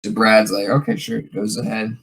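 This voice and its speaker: A man hosts a casual podcast and tells a story. He rambles along with plenty of fillers and restarts. His voice sits a little low. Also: moderate pace, fairly bright tone, poor audio. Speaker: podcast host.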